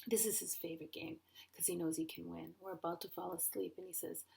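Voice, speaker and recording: A middle-aged woman performing stand-up comedy, animated and playful. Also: quick pace, gravelly. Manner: high-energy, animated, playful.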